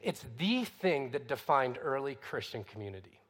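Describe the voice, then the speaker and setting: A man's voice: mid-range voice, very animated, normal speed, fairly bright tone, big-room sound. A man preaching a sermon in a conversational way, full of rhetorical questions. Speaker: pastor.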